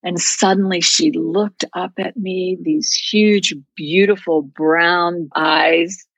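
A woman's voice: on the low side, fairly even intonation, takes it slowly, dry recording, rough recording. A woman guest telling a personal faith story in an earnest, heartfelt, reflective way. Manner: heartfelt, reflective, speaks of prayer and scripture.

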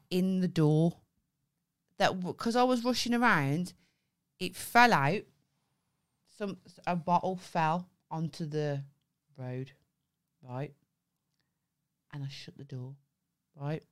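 Chatty woman telling a story. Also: deep voice. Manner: chatty storyteller, swears a lot, keeps saying "right?". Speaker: podcast co-host. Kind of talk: casual chat.

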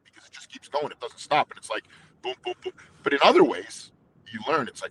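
A man's voice: mid-range voice, huge pitch swings, fairly bright tone, breathy edge, poor audio. A middle-aged man, a singer, telling stories as a guest in an interview, talking intensely and emphatically. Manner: intense, emphatic, fast-flowing. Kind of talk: casual interview storytelling.

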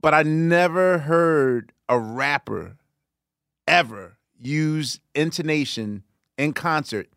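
A man's voice: on the high side, expressive, takes it slowly, gravelly, fairly bright tone, smooth, dry recording, clean studio sound. Enthusiastic rambling male podcast host. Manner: enthusiastic, reflective, rambling asides. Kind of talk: conversational interview.

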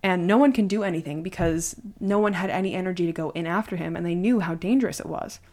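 Podcast host, female, low-ish register, chatty storyteller. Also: quick pace. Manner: conversational, animated retelling with fillers. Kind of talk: casual storytelling.

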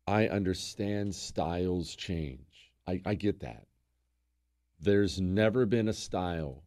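A man hosting a talk show, ranting sarcastically and with emphasis. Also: on the low side. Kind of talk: opinionated radio talk.

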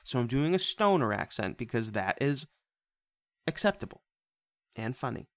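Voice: mid-range voice, big pitch swings, normal speed, dry recording. A podcast co-host in casual chat, rambling and joking crudely while laughing a lot.

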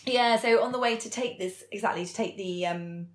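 A woman's voice: mid-range voice, moderate pace. Woman podcaster rambling through a recap, mid voice, echoey room. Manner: chatty, filler-heavy retelling. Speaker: podcast co-host. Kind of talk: casual chat recapping a TV episode.

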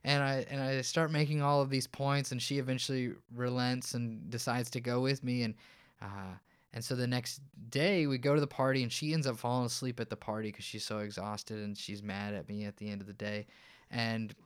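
Smooth-voiced man explaining steadily. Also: mid-range voice, fairly even intonation, moderate pace, few pauses. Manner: explanatory, storytelling, many restarts. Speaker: counselor guest. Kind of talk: podcast interview.

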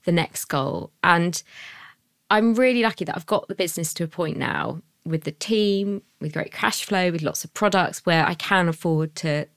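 Low-voiced, smooth woman guest. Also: normal speed, fairly bright tone, dry recording, studio quality. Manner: earnest, reflective, laughs easily. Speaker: guest, sewing business owner. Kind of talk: podcast interview.

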